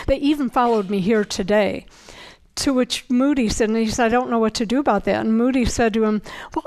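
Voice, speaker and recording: An older woman giving an informal Bible teaching, earnest and conversational, slowing down to read scripture aloud. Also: fairly high pitch, low-quality recording.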